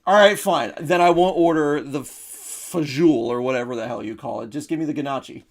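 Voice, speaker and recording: A man's voice: mid-range voice, moderate pace, vocal fry. A man with a New Jersey accent co-hosting a comedy podcast, telling stories in a ranting, mock-outraged way. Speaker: podcast co-host. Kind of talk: comedic casual chat.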